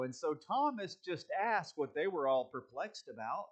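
A man preaching a sermon in a conversational, animated way, often acting out voices and restarting his sentences. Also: a little high, moderate pace, hardly any pauses.

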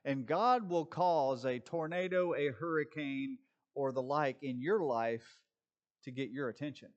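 A man pastor giving a conversational sermon, swinging between loud emphatic bursts and quiet asides. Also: medium pitch, measured pace, lo-fi sound.

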